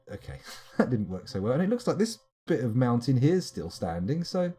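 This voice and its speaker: A man's voice: mid-range voice, very animated, moderate pace, warm tone, slightly rough. A man streaming live, rambling wryly to himself as he plays. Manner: rambling, muttering to himself, wry asides. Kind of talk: live game commentary.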